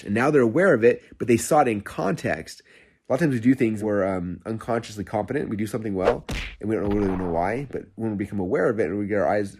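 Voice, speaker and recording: A man in his thirties hosting a podcast, telling a story in a casual, excited, rambling way with lots of fillers and restarts. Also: fairly low pitch, breathy edge. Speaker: podcast host.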